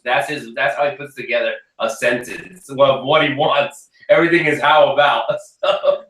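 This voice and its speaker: Chatty dad with a bright voice. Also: male voice, medium pitch, normal speed, distant mic. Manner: animated storyteller who acts out his kids' lines. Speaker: host of an RC hobby hangout. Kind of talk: casual chat. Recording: echoey room, a bit off-mic.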